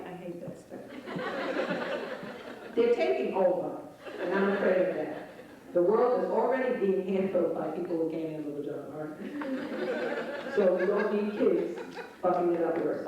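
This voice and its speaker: A woman doing a stand-up comedy set in a chapel, brash and teasing the crowd, with lots of swearing. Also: mid-range voice. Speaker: stand-up comic. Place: chapel filled with a live audience. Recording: echoey, distant 1989 live recording. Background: audience laughter.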